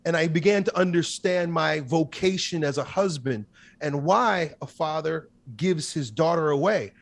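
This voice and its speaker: A man in his thirties, a guest in an interview, telling a personal story in an intense, emphatic way with quick bursts. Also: on the high side, creaky.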